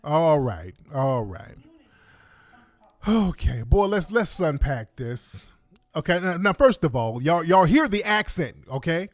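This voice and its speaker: A man's voice: fairly high pitch, big pitch swings, takes it slowly, no room sound. A man hosting a radio talk show, giving heated political commentary and speaking straight to his listeners with lots of repetition. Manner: emphatic, repetitive, addresses listeners directly.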